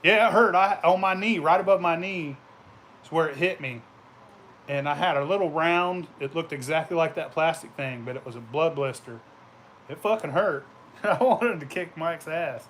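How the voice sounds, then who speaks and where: A man's voice: fairly high pitch, moderate pace, a bit bright, slight background noise. Profane, laughing man telling rambling stories. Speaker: vlogger. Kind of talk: casual storytelling.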